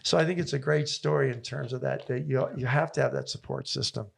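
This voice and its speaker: A man's voice: mid-range voice, steady tone, a little fast, gravelly, breathy edge. A man, a tennis coach telling stories in an interview with enthusiastic, repetitive rallying phrases. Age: 70s. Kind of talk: interview guest storytelling.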